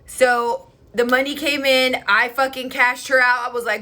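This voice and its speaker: A young woman vlogger chatting casually and excitedly, swearing freely as she tells a story. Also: a little high, normal speed, few pauses. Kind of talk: casual chat. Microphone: headphone mic.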